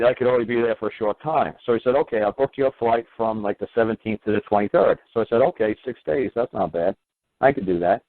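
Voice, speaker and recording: Male talk host, casual storyteller, does the voices of the people he quotes, phone-line thin sound. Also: no room sound. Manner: animated, acts out quoted voices with rising pitch.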